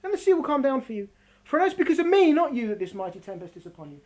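Lady voicing a calm unbothered soul, lower and quiet, just matter-of-fact. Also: racing.

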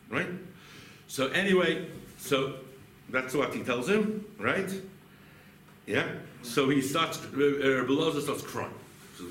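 A man teaching a Talmud lesson as a rabbi, animated and often asking rhetorical questions with a quick "right?". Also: on the high side. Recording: echoey room with faint background noise.

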